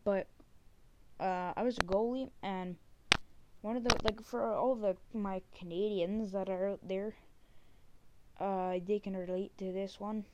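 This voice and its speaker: A woman hosting a solo podcast in casual chat. She rambles, uses many fillers, and often trails off into soft, near-unvoiced asides. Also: mid-range voice, fairly even intonation, unhurried, pauses often, lo-fi sound, heavy background noise. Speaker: podcast host.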